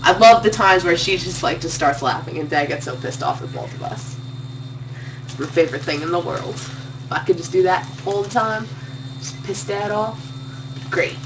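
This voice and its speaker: A young woman tells crude, teasing family stories in a loose, animated way. She sits away from the mic, so her voice sounds distant. A faint hum runs under her. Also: lowish voice, normal speed, long pauses. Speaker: streamer's sister. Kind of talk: casual chat.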